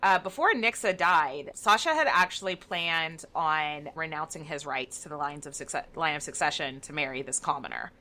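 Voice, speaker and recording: A woman's voice: low-pitched, lively intonation, normal speed, few pauses, sharp tone. A woman co-hosting a podcast in casual, wry chat about history. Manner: chatty, wry, swearing. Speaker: podcast co-host.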